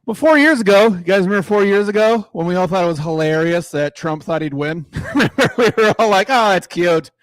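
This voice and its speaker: A man's voice: high voice, fast talker, hardly any pauses, no echo, studio quality. A middle-aged man doing a crude, rambling stand-up set who laughs at his own jokes, on a mic in a small garage room. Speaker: stand-up comedian. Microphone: microphone in a garage.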